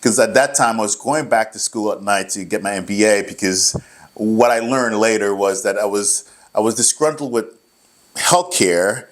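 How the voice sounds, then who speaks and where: A man's voice: fairly low pitch, normal speed. A middle-aged man, a rehab clinic director, chatting as an interview guest, telling rambling stories, laughing often and acting out quoted dialogue. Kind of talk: casual interview storytelling.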